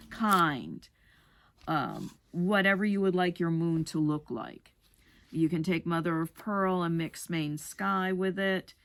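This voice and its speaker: Slow, low-voiced woman teaching a craft. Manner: unhurried, practical step-by-step explaining. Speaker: rug hooking instructor. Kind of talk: craft tutorial demonstration.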